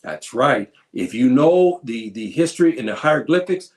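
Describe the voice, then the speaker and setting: A man's voice: mid-range voice, expressive. A man giving an informal history lecture, calling his listeners brothers and sisters and often restarting his phrases. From United States. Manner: addresses listeners as brothers and sisters, halting with repeats. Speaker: history presenter.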